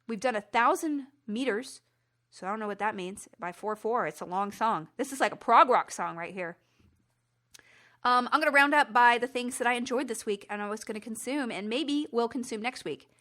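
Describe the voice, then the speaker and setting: A woman hosting a rambling solo podcast, animated and self-mocking, slipping into silly voices. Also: on the high side, normal speed. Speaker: podcast host. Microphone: computer recording.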